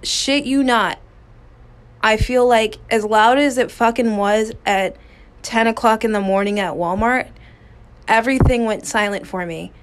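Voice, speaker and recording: A woman hosting her own podcast, telling a personal story in a frank, casual way, swearing freely and pausing to restart her sentences. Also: a little high, smooth. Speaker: podcast host.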